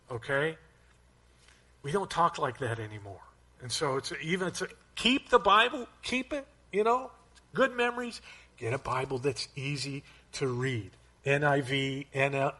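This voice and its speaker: A man's voice: high voice, fairly bright tone. A man preaching a conversational sermon, often checking in with his listeners with "okay?" and "right?". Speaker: pastor.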